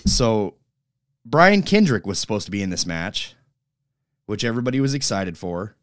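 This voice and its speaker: A man's voice: on the low side, big pitch swings, moderate pace, no room sound, clean studio sound. A man co-hosting a casual wrestling podcast, laid-back and blunt. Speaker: podcast co-host.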